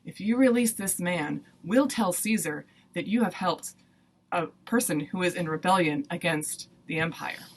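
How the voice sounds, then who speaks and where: A woman's voice: lowish voice, normal speed, breathy edge. A woman voicing a group of threatening male religious leaders with a cold warning tone in a storybook reading.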